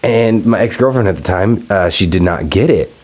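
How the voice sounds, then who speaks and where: A man's voice: deep voice, normal speed, darkish tone. A man hosting a solo podcast, talking loosely and profanely while smoking and telling stories. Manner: loose, profane, storytelling with laughs. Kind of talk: casual solo podcast rant.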